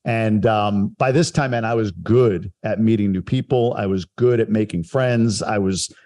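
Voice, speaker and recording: On a podcast, a guest from Long Island, New York tells the story of his life, recalling childhood in a casual, reflective, self-deprecating manner. His voice is lowish and a little mellow, at a moderate pace.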